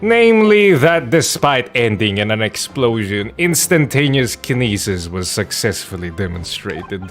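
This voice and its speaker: A man voicing a stern prosecutor with a mock German accent, giving a measured, formal courtroom delivery for a fan dub of a video game. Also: medium pitch, big pitch swings, faint music behind.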